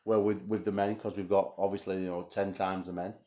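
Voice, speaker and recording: A man's voice: sits low, level tone, a little fast, mellow. A man hosting a casual chat, teasing and crude, laughing often. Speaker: host. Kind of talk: casual banter.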